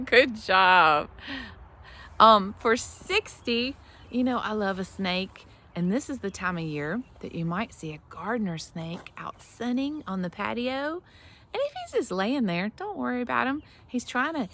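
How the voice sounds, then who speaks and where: A woman's voice: medium pitch, big pitch swings, fairly bright tone, slight background noise. A woman teaching young children in a playful, encouraging way, leading counting games. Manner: playful and encouraging, slow and sing-song.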